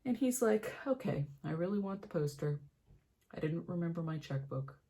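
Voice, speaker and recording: A young woman beauty vlogger does her makeup while telling a story, her voice on the low side and at normal speed. She's an animated storyteller who acts out the voices of the people in it.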